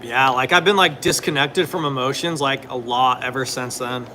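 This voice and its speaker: A man's voice: medium pitch, fairly even intonation, moderate pace, pushed and bright, a little hiss or hum. A young man talking casually and rambling, full of fillers, now and then answering questions from viewers. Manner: rambling, filler-heavy, laid-back. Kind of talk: casual chat.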